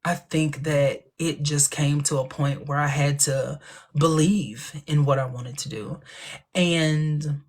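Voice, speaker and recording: A man hosting a casual livestream chat, talking in a chatty, expressive way with playful asides. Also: a little high, slow. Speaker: livestream host.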